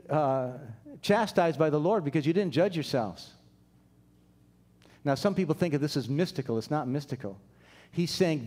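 A man's voice: on the high side, a little mellow. A man preaching a conversational sermon, acting out the quoted dialogue as he goes. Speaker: pastor.

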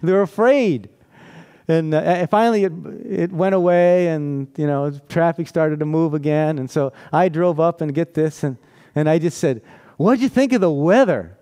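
A man's voice: fairly high pitch, normal speed, mellow, clean tone. A man preaching a sermon in a conversational, storytelling way, often asking rhetorical questions and laughing.

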